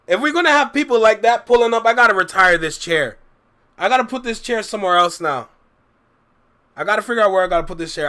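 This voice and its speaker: Sharp in tone and sitting high, this young man's voice belongs to a reaction streamer chatting casually on his livestream. Relaxed and full of slang, he reads out his chat's messages and responds.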